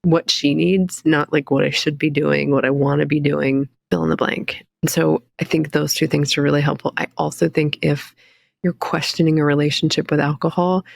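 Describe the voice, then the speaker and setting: Woman in her 40s, gravelly fry-heavy voice, pretty flat delivery, earnest and reflective, dry close sound. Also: low voice, normal speed. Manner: earnest, reflective, quotes her own inner voice. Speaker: podcast guest, recovery coach. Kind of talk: candid conversational interview.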